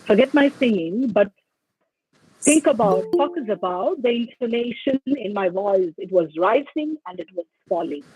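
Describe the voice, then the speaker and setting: A woman's voice: medium pitch, expressive, moderate pace, mellow, breathy edge. A woman giving an instructive, emphatic online lecture on public speaking. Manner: instructive, emphatic, sings scale examples. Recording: dull lo-fi audio.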